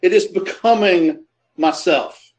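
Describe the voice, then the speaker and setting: A man's voice: sits high, takes it slowly, rough recording. Middle-aged man, reflective storyteller. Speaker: guest. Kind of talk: storytelling conversation.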